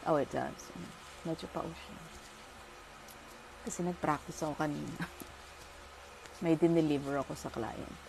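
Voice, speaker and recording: A woman's voice: low-pitched, level tone, unhurried, gravelly, long pauses, dark tone, a little hiss or hum, rough recording. A woman with a Filipino accent chatting casually as a podcast guest, switching between Tagalog and English and laughing often. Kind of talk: casual interview chat.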